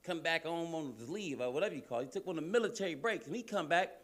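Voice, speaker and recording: A man from Cleveland doing a loud, profane, animated stand-up routine on a comedy club stage. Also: fairly high pitch, fast. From Cleveland, Ohio, US.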